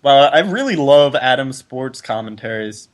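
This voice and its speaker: A man's voice: medium pitch, animated, normal speed. A man co-hosting a casual podcast, swearing freely and reading friends' posts aloud in mocking voices. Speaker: podcast co-host.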